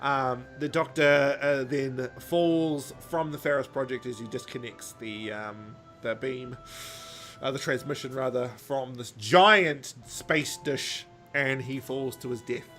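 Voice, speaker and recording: A man's voice: medium pitch, fairly even intonation, takes it slowly, a bit bright, soft background music. A man co-hosting a podcast, casually recapping a story in a rambling, jokey way with lots of ums. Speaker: podcast co-host.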